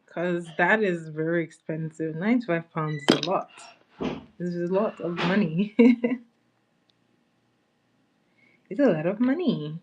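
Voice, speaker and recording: A woman's voice: fairly low pitch, unhurried, pauses often, a little hiss or hum. A woman hosting a casual makeup livestream, chatting with viewers and greeting them by name as she applies products. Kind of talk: casual live-stream chat.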